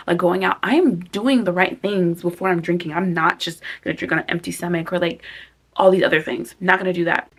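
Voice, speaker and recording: A woman in her twenties giving casual, emphatic advice to camera, repeating phrases for stress and acting out her own thoughts. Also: on the low side. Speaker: vlogger giving life advice.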